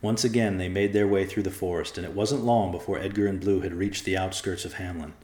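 A man with a very deep voice reads a dark story in a measured, grave way. The reading rings in an echoey room. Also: steady tone. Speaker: narrator. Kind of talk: dramatic audiobook narration.

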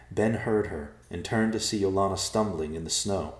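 A man reading a storybook chapter aloud in a steady, measured way. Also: deep voice. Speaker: audiobook narrator. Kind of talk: scripted storybook narration. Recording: roomy echo.

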